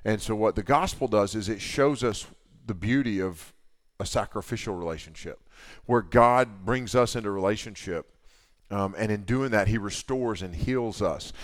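A man speaking as a camp speaker to girls, giving an animated, folksy talk with slangy asides. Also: fairly low pitch, normal speed. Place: camp meeting hall.

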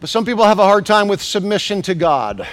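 A man preaching a sermon as bishop, acting out scripture quotes and swinging between shouted climaxes and soft asides. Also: sits high, sing-song, brisk. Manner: acts out scripture quotes in raised voice. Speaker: pastor.

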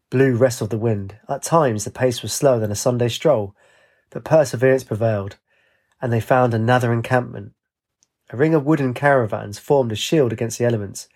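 A man reading a fantasy story aloud in a steady, descriptive storybook narration. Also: mid-range voice, brisk.

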